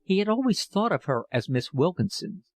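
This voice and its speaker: A man reading a classic novel aloud as an audiobook narrator, with a measured, expressive delivery. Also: high-pitched.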